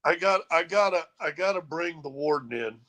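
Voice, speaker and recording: A man hosting a casual sports talk show, telling animated stories and mimicking others. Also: a little high, moderate pace, poor audio. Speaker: sports radio host.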